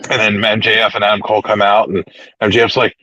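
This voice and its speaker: A man's voice: on the low side, level tone, fast talker, pushed and bright, slight background noise. A man hosting a casual wrestling talk podcast, rambling and retelling events with restarts. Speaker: podcast host. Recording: dull lo-fi recording, dry.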